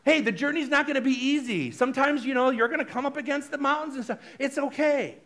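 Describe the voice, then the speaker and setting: A man giving a sermon as a minister, talking in a chatty, animated way and speaking straight to the congregation. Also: very high-pitched, fast talker. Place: spiritual center service.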